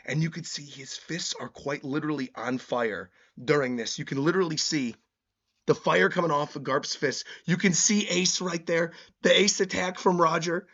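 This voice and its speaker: A man doing a live reaction stream, reading a comic aloud and breaking into loud, hyped exclamations. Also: a little high, lively intonation, normal speed, vocal fry, muffled recording. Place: in Japan.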